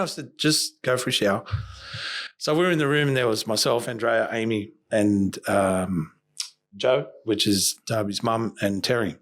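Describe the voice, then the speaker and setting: A man's voice: medium pitch, brisk, fairly bright tone. A man, a boxing coach telling a story on a podcast and acting out the lines of each person in it. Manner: emphatic storyteller who acts out quoted dialogue.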